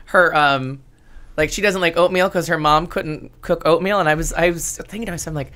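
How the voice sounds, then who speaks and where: A man telling childhood stories in a loose podcast chat. He is animated, laughs a lot, and swears freely. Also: fairly high pitch, brisk. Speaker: podcast co-host. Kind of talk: casual chat.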